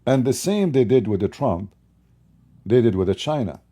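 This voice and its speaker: Speaking at normal speed in an animated, mid-range voice with a dark tone, a political commentator on his own channel talks directly into his mic. His unscripted delivery strings points together in emphatic, repetitive lists.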